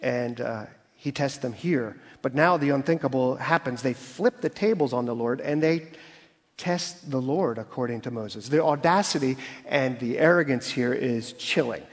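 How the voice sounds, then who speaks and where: Preaching at a moderate pace in a medium-pitched voice, this pastor works through scripture in an expository sermon, using everyday stories and voicing quoted speakers with mounting emphasis. A long reverb from the hall fills the recording.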